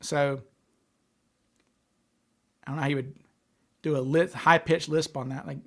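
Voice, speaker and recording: A man's voice: a little high, fairly even intonation, unhurried, long pauses, a bit bright. Stammering man hosting a livestream. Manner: stutters, with frequent repeated words and restarts. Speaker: livestream host. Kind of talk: casual livestream chat.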